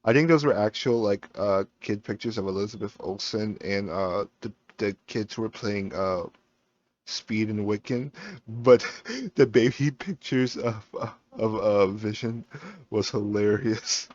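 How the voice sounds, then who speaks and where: A man giving a casual spoilers review, tired and rambling excitedly with many fillers and restarts. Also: lowish voice, a little slow, no room sound. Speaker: YouTube reviewer. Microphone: home microphone. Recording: dull mic that cuts out.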